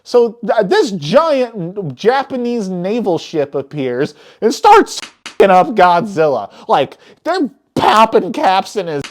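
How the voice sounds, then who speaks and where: A woman giving a casual, spoiler-filled movie recap, excitable and swearing often, who breaks off her phrases mid-thought. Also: medium pitch, takes it slowly. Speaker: movie reviewer.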